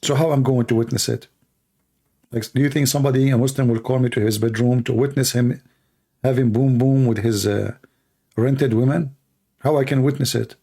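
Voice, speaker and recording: A man hosting a debate livestream in non-native English, hoarse and coughing as he argues through rhetorical questions. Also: medium pitch, fairly even intonation, normal speed, dark tone. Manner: argumentative, fires rhetorical questions. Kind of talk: live stream Q&A monologue.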